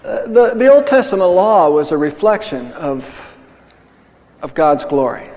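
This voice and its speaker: A man's voice: fairly high pitch, sing-song, a little slow, darkish tone. Older man, pastor; conversational sermon with rhetorical questions, long church-hall reverb.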